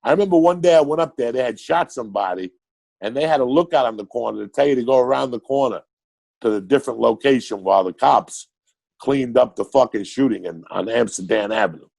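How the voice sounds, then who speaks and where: An older man from Cuba, raised in New York City, with a New York accent, telling stories in a profane, excitable podcast chat as a guest comedian. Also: medium pitch, fast, creaky.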